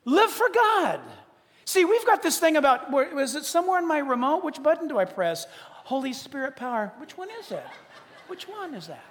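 A man preaching a sermon on a church stage, joking and swinging from hushed tones to shouts. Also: very high voice, expressive, normal speed. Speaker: pastor. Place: church hall. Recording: long hall reverb.

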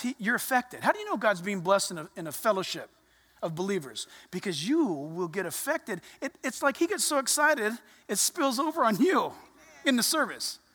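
Animated pastor preaching in a reverberant church. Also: high voice. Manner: animated, conversational, acts out quotes. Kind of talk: sermon. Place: church sanctuary.

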